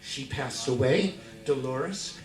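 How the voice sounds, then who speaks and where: A middle-aged guitarist telling a story from a concert stage, excitable, laughing and shouting out his punchlines. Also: medium pitch, slow. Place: live concert venue. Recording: echoey concert hall, mic far off.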